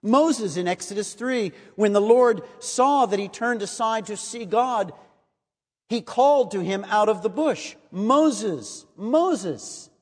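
Man, sermon, earnest measured delivery, high voice, reverberant hall. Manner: measured, earnest scripture reading. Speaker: preacher.

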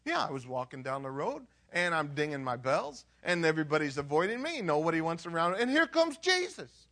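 A preacher puts on a thrilled, boastful man who was once a leper, his voice pushed up high and bright as he shows off to dinner guests. He gushes with eager, bragging excitement. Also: fairly quick, exaggerated voice. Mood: excited boasting. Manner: gushing, boastful.

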